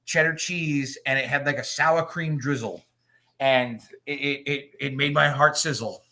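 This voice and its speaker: A man's voice: medium pitch, steady tone, measured pace, pushed and bright. A man co-hosting a podcast in casual chat, telling crude, joking stories. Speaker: podcast co-host.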